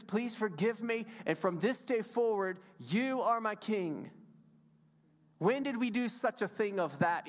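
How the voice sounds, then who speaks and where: A high-pitched male pastor preaching a sermon in a casual, emphatic way, firing rhetorical questions at the congregation. His voice carries a long reverb from the church sanctuary.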